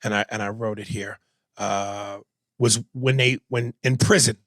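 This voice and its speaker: A man's voice: fairly low pitch, fairly even intonation, measured pace, a bit bright, no room sound. A man co-hosting a podcast in casual chat, recapping scenes at length in a conversational way. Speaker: podcast co-host.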